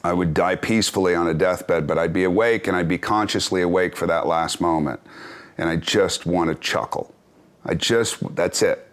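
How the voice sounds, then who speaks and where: A man's voice: deep voice, moderate pace. A man in his fifties, an actor being interviewed, talking candidly in a reflective, wry, self-deprecating way with chuckles. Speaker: actor and author, interview guest.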